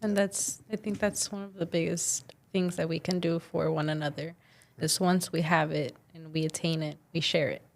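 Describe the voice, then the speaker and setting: A woman with a low, gravelly voice co-hosting a relaxed podcast chat. She mostly affirms the guest with short agreements and adds a brief thought now and then. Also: moderate pace, few pauses. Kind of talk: casual chat.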